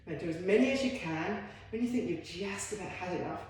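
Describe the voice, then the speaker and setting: A woman's voice: lowish voice, fairly quick, darkish tone, slight background noise. A woman leading a home workout as a fitness instructor, chatty and encouraging with self-deprecating asides. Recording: very echoey room.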